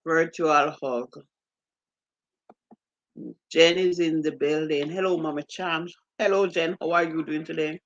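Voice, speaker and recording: Jamaican lady on a livestream reading the chat out loud, greeting folks one by one, dry kinda dull lo-fi audio. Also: sits low, fairly even intonation, a little slow, long pauses, no room sound. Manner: reads out viewer comments and greets each viewer by name. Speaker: livestream host. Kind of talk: live stream chat reading.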